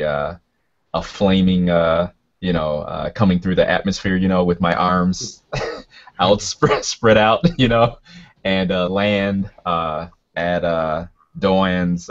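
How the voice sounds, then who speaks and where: A man playing a tabletop role-playing game, talking in a halting way full of fillers, heard on a dull lo-fi recording. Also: sits low. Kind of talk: casual tabletop role-play.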